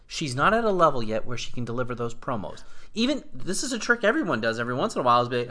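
A man's voice: mid-range voice, sing-song, rapid-fire, pushed and bright. A young man co-hosting a casual chat, blunt and swearing freely, acting out example lines as he argues his point. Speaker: wrestling podcast co-host.

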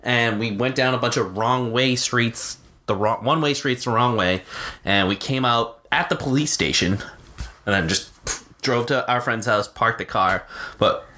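A man in his thirties with a bright, forward voice at a mid pitch, chatting on a podcast. He tells his stories playfully, with a boastful grin in his talk. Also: measured pace. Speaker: podcast co-host. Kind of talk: casual podcast chat.

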